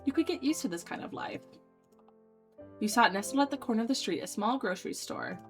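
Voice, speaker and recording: A young woman streamer reading a dating sim aloud, voicing its lines dramatically and breaking off into loud excited reactions. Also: on the high side, fast talker, faint music behind.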